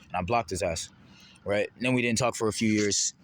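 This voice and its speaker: A man's voice: fairly low pitch, fast, a little hiss or hum. A man in a heated, rambling, profane monologue to the camera. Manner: heated, rambling, profane, jumping between topics. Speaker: vlogger.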